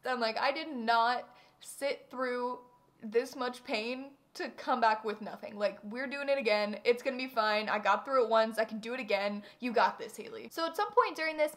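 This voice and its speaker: A young woman telling a personal story in a casual vlog, animated and exaggerated, full of fillers. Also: fairly high pitch. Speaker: vlogger.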